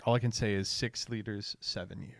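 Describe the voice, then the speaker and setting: A man's voice: lowish voice, steady tone, brisk, gravelly, no room sound. Sarcastic man riffing on stream. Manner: sarcastic, rambling. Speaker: streamer host. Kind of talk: casual stream commentary.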